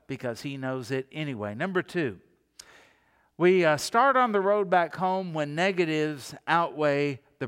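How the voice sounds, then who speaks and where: A pastor preaching a sermon, telling stories and acting out the voices of the people in them. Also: male voice, fairly high pitch, clear, resonant tone, in a large hall. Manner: animated storytelling, acting out quoted voices.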